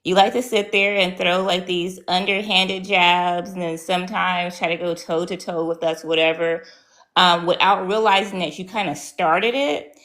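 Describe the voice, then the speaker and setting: A woman on a live panel jumping in quickly, with hesitant fillers. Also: lowish voice, steady tone, fairly bright tone, poor audio. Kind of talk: live audio panel discussion.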